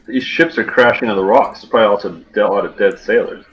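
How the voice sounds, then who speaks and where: A man's voice: fairly low pitch, quick pace. A man playing in a tabletop game, chatting casually and reasoning out points. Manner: reasoning, mildly argumentative. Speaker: player. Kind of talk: casual chat. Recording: dull lo-fi mic with faint noise.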